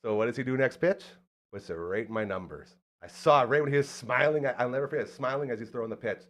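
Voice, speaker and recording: A man hosting a relaxed podcast who tells his stories with real animation. He swings into other voices for the quotes and keeps the chat loose and casual. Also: mid-range voice, fast talker. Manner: animated storyteller, acts out quotes. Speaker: podcast host.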